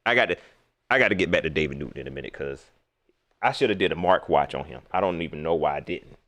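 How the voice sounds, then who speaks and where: A man running a casual sports talk livestream, talking straight to his viewers in loose slang and repeating himself. His pitch swings widely as he gets worked up, and his tone is bright and forceful. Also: expressive, fast talker. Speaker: sports talk show host.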